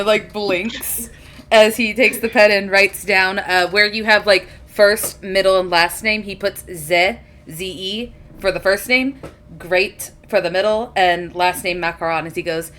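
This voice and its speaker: A woman with a game master's experience narrates actions in a tabletop role-playing game, chatty and playful. Her voice sits at a middling pitch, with a faint hiss in the background. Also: steady tone, unhurried, fairly bright tone.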